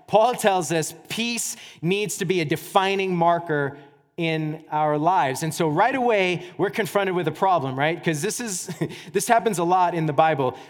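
A man pastor preaching a sermon in a conversational, animated way, with casual asides. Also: on the high side. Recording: church hall reverb.

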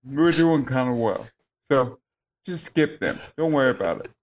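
A man co-hosting a casual podcast, telling stories about his son with deadpan, dry humor. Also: medium pitch, moderate pace. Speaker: podcast co-host, father.

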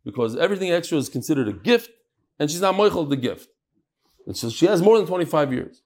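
Animated man teaching Talmud. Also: a little high, quick pace. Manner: mixes Yiddish-Hebrew terms into English, acts out dialogue.

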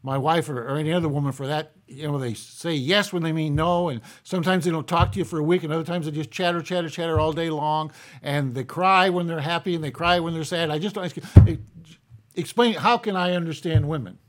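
A man voicing a long-married husband in a told joke, exasperated and rushing through his complaints. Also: fairly high pitch, close to an everyday voice.

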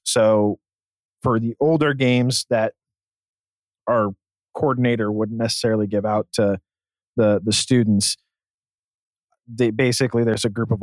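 A man's voice: mid-range voice, darkish tone, no echo. Man co-host, explains at length in a chatty way, dry close recording. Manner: explanatory, chatty, filler-heavy. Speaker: podcast co-host. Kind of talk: casual sports podcast chat.

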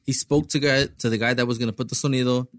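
A man's voice: mid-range voice, fairly even intonation, fast, no room sound, studio quality. A man in casual chat, retelling a gig story and switching between English and Spanish, with plenty of swearing. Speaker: band member.

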